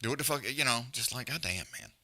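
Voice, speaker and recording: A man's voice: medium pitch, lively intonation, fast, pushed and bright. A man hosting a live fight stream, ranting bluntly and profanely and repeating himself, then calling the fight. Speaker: fight companion stream host. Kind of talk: profane casual rant and live fight commentary.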